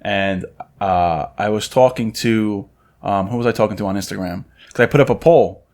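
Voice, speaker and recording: A man's voice: fairly low pitch, moderate pace, darkish tone. A young man co-hosting a podcast, chatting casually and telling a story in which he acts out what others said with a mocking edge. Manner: storytelling, acting out quotes in a mocking tone. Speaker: podcast co-host. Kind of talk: casual chat.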